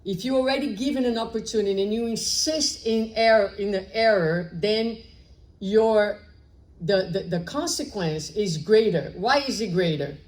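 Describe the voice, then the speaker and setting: A woman's voice: medium pitch, moderate pace, darkish tone. A woman giving a public spiritual lecture, reflective and often checking in with her listeners. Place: spiritist center meeting room.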